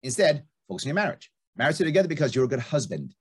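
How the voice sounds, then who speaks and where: A man's voice: medium pitch, big pitch swings, rapid-fire, slightly rough. A middle-aged man giving blunt, emphatic advice in conversation, repeating his points for effect. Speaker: guest.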